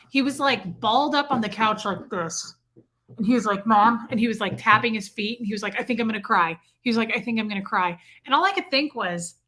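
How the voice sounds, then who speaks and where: A medium-pitched, fairly bright female voice belongs to a livestream host, an adult with a child. She chats casually, reads out a roll call of viewer names, and talks about her day, her son, and Michigan, where she lives.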